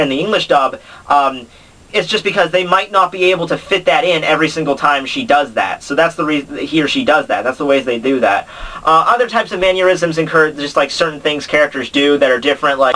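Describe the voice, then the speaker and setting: Bright-voiced guy rambling casually. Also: on the high side. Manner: rambling, many fillers and restarts. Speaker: anime commentary vlogger. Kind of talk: casual explanatory commentary. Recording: voice a bit distant from the mic.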